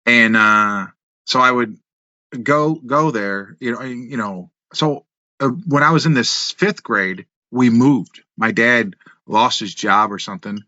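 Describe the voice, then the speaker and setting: A man in his fifties, a podcast guest who tells lively stories from his past, acting out voices, laughing and swearing. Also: mid-range voice, no echo. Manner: animated storyteller, acts out voices, laughs, swears. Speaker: podcast guest, wrestler and musician. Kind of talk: casual storytelling. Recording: dull, slightly lo-fi, dry.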